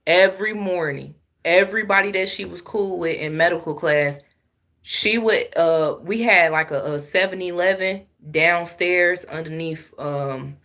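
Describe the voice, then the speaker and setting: Bright, animated woman co-host. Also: fairly low pitch, measured pace. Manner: animated storyteller, chimes in with agreement. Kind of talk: casual commentary chat.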